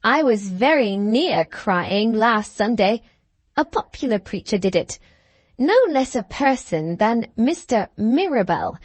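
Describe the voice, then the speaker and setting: A hard, bitter young schoolgirl full of satirical scorn, read by a woman in an audiobook. Her voice sits fairly high and swings widely as she mocks and shows off. The sound is dry and close. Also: big pitch swings, takes it slowly, no room sound, heavily acted. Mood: scornful. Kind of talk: audiobook character reading.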